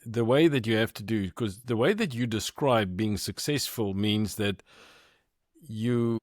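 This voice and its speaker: A man's voice: lowish voice, a little slow, dry recording, studio quality. Musing male podcast host on a call. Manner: searching, rephrases questions. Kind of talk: interview questions, casual. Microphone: video call.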